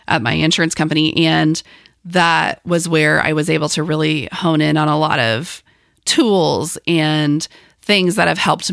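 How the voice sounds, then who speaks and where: Slightly raspy chatty woman podcaster. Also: sits low, a bit bright, no echo, clean studio sound. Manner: chatty, laughs often, rambling asides. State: a little raspy from a cold. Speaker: podcast co-host. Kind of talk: casual podcast chat. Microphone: close podcast mic.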